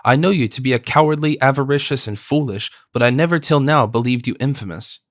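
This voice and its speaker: A man's voice: mid-range voice, quick pace, no echo, studio quality, lightly acted. A man voicing a spirited young wife in an audiobook, scornful and pleading by turns, his voice lifted for her. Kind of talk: audiobook character voice.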